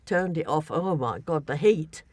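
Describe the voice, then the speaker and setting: A woman's voice: deep voice, lively intonation, a little slow, darkish tone, breathy edge. A woman in a casual chat, recounting her travels in a rambling way with many restarts.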